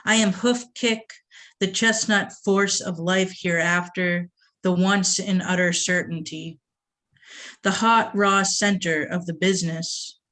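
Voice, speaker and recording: Woman poet, low voice, slow and measured, poetry reading. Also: steady tone, a bit bright. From Boston area. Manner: slow, measured delivery with asides to the audience. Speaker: poet reading her work. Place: reading event before an audience.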